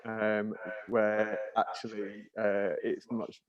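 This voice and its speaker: A man's voice: on the low side, completely flat delivery, slow, dull audio, crowd noise. A man on an online panel debate, talking casually and rambling with many fillers.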